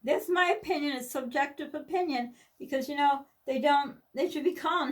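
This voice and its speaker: A woman's voice: high-pitched, expressive, normal speed, recorded from a distance. A middle-aged woman from the United States, talking candidly and rambling in a personal vlog, with many restarts and asides. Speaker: vlogger.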